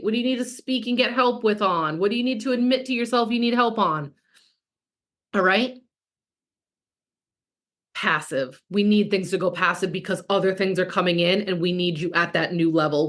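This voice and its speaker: A woman's voice: mid-range voice, a bit bright. A woman in her thirties, a business coach talking casually and frankly with frequent swearing, reading out and answering chat comments. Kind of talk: coaching call.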